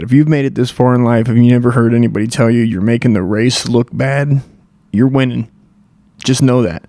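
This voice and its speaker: A man's voice: mid-range voice, steady tone, brisk, dark tone, dry recording. A man hosting a comedy show, riffing crudely in a rambling profane monologue. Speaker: comedy podcast host.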